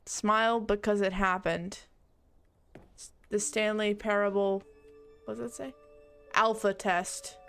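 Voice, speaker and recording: A woman's voice: mid-range voice, steady tone, measured pace, pauses often, fairly bright tone, faint music behind. A young woman streamer chatting casually while playing a game, reading on-screen text aloud and bursting into laughing shrieks. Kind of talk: casual gameplay commentary.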